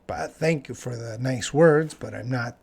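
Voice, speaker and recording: A young Canadian man teaches English live, casually answering questions from the chat and repeating phrases slowly for learners. His medium-pitched voice is gravelly and husky, with a slightly mellow quality.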